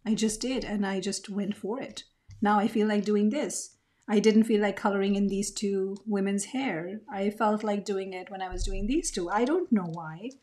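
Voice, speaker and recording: A woman talks viewers through her mixed media art process in a relaxed tutorial voice. She sounds reflective and often pauses to search for the right words. Her pitch sits in a medium range. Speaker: art teacher. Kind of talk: craft tutorial narration.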